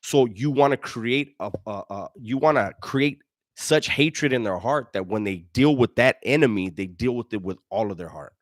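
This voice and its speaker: A man's voice: medium pitch, normal speed, dry recording, studio quality. A middle-aged man hosting a live stream, reading and answering chat in blunt, profane street slang with frequent restarts. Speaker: livestream host answering chat.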